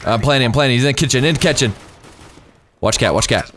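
A man's voice: mid-range voice, quick pace, slight background noise. A man commentating his gameplay casually, exclaiming and yelping whenever things happen. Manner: excitable, yelps and exclaims during play. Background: game gunfire.

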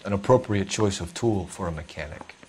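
A man's voice: low voice, a little fast, a little mellow, a little hiss or hum, natural voice. A man playing a blunt, tough detective. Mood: hard. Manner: blunt, needling interrogator. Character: tough male police detective. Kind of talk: video game voice acting.

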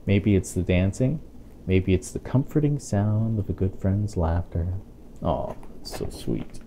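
A man reading a picture book aloud to a child, playful and expressive, with chatty asides to his young listener. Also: fairly low pitch, a little hiss or hum. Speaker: storytime reader.

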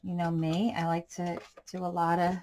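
A woman's voice: on the low side, monotone, normal speed, darkish tone, slight background noise. A woman hosting a casual crafting tutorial, talking in a chatty, rambling way with side stories while she works. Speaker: craft channel host.

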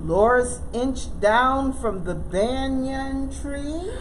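A woman children's librarian reading a picture book aloud, expressive and slow. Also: high-pitched, slight background noise, low-quality recording. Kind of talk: storybook read-aloud narration.

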